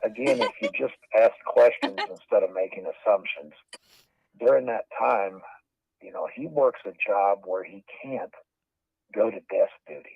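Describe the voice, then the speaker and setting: Man, lowish voice, measured and repetitive delivery, tinny phone-quality playback. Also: breathy edge, no echo. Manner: steady, repeats phrases, many "you know" fillers. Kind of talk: measured explanatory statement.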